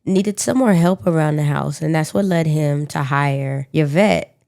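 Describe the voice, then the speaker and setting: A woman's voice: low-pitched, a little slow, vocal fry, warm tone. A woman co-hosting a podcast, telling a true-crime story in a casual, slangy, profane way with joking asides. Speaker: podcast co-host.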